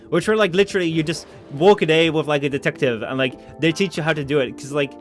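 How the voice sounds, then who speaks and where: With soft music playing, a young man from the Netherlands rambles and jokes through his game stream, saying "like" and "dude" a lot and occasionally reading game text aloud. He talks fast in a voice on the high side.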